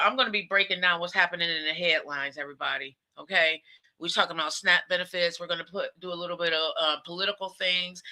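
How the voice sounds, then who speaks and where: A woman's voice: lowish voice, pushed and bright. A woman in her fifties from the United States, hosting her own show as a casual livestream and chatting directly to viewers, often calling them "y'all". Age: 50s. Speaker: show host.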